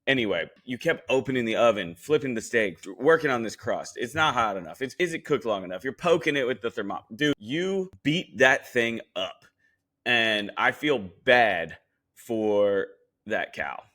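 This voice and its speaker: A man's voice: mid-range voice, animated, fairly quick, fairly bright tone. A young man hosting a podcast, giving a blunt, joking recap of a cooking show and swearing freely as he talks straight at the contestants. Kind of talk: casual recap commentary.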